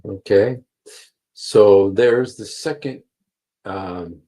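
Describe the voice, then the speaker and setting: A man leads a live stream, reading texts aloud and stopping to press his points with repetition. His voice is on the low side and husky. He speaks slowly through a computer mic. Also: warm tone, low-quality recording. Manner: emphatic, repeats key phrases, many fillers. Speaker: livestream host. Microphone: computer mic while streaming.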